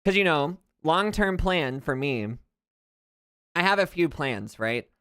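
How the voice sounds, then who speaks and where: A young man with a light Southern accent chats casually while streaming, wandering off on tangents and laughing between thoughts. His voice is bright and smooth. The sound is dry and close, with no room around it. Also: on the high side, lively intonation, slow pace, dry recording. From southern United States. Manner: rambling, drifts into tangents and laughs often. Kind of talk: casual chat while gaming.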